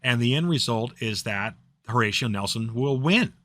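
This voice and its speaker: A man's voice: medium pitch, expressive, moderate pace, a bit bright, no echo, studio quality. A man giving a casual history lecture, chatty and loose, with lots of fillers and restarts. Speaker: history teacher.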